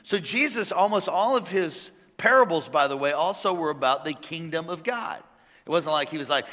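A man preaching a sermon, telling a made-up parable and acting out the characters with lively energy. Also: a little high, moderate pace. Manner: animated storytelling, acting out characters. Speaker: pastor. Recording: long hall reverb.

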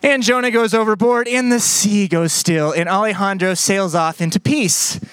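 A man preaching a lively sermon, joking with the crowd and acting out the story in voices. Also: sits high, moderate pace, clear, resonant tone, no echo. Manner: playful, animated storytelling with acted-out voices. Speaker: pastor. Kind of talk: sermon with audience skit.

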